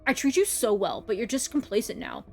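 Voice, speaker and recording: A woman's voice: on the high side, huge pitch swings, a little fast, vocal fry, a little mellow, faint music behind, full character voice. A woman reading aloud the part of a young man, a controlling, angry boyfriend, in a harsh, accusing way. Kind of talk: reading a visual novel aloud.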